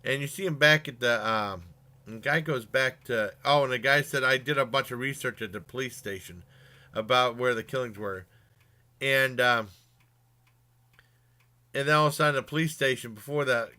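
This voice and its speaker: A man's voice: medium pitch, sharp tone. A man casually retelling a movie's plot in a review, rambling with many fillers and restarts and chuckling along.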